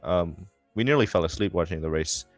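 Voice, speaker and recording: A man's voice: sits low, a little fast, dry recording, faint music behind. A young man commentating a racing livestream and interviewing a driver, in a rambling, joking manner with many fillers and restarts. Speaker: race commentator and post-race interviewer.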